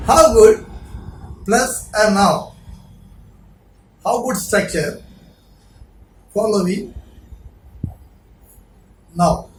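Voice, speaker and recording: A man with a Tamil accent teaches a spoken English lesson in a fairly high voice, repeating every phrase over and over. He sounds far from the mic in an echoey room with a noisy background. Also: lively intonation, slow, pauses often. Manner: repeats each phrase several times, drilling pronunciation.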